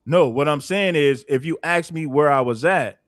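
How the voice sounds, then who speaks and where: A man's voice: fairly high pitch, moderate pace, no room sound, clean studio sound. A man hosting a livestream, laying down firm, blunt views on relationships. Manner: blunt, firm, laughs along. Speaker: host.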